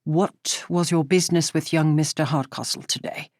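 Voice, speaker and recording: A woman voicing a stern, suspicious gentleman who speaks bluntly and accusingly. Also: sits low, steady tone, moderate pace, no room sound, studio quality. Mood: accusatory.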